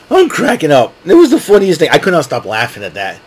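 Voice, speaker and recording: A man hosting a casual wrestling recap show, excitable and laughing often as he acts out what wrestlers said. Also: a little high, fast, few pauses, husky. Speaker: wrestling podcast host.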